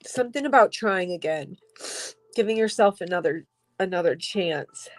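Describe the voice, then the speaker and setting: A woman giving a personal tarot reading, emotional and halting, crying as she talks, with sighs and soft whispered asides. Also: on the low side, expressive, dry recording, faint music behind, low-quality recording. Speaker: tarot reader.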